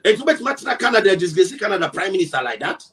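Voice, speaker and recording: A Ghanaian man with a high, lively voice delivers heated political commentary. He throws out rhetorical questions and switches between English and Twi, and he sounds set back from the mic. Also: racing, far from the mic, rough recording. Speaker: broadcaster.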